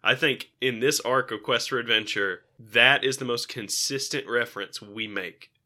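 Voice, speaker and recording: Man, podcast co-host, very bright tone, rambling jokey riffs, punchy and worn out. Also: medium pitch, moderate pace. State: tired and punchy after a long session. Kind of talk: punchy casual banter among friends.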